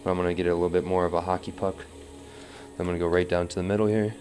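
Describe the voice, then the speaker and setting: A man's voice: low voice, flat delivery, racing, a little mellow, faint music behind. A man teaching wheel-throwing as he works, talking through each step and counting pulls under his breath. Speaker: pottery instructor. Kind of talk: live throwing demonstration.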